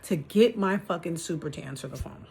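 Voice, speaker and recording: A woman's voice: on the low side, expressive, fairly quick, darkish tone, husky. A woman venting in a casual vlog from her apartment, frustrated and ranting, swearing as she talks. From New York City. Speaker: vlogger. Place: apartment, indoors.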